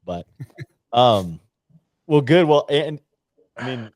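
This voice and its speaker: A man's voice: mid-range voice, expressive, slow pace, darkish tone, no room sound. Easygoing male host, dry sound. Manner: laughing, easygoing. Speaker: podcast host. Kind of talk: casual podcast chat.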